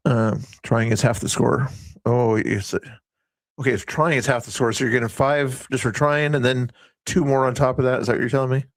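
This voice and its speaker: A man's voice: mid-range voice, steady tone, normal speed, no room sound. Rambling man hosting a late-night stream. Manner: rambling, chatty, reads chat aloud. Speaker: livestream host. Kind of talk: casual livestream chat.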